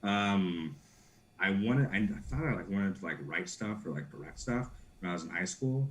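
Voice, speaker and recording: A man's voice: low voice, expressive, moderate pace. A young man, a guest actor, chatting casually and playfully on a live stream, giggling and dropping into silly accents.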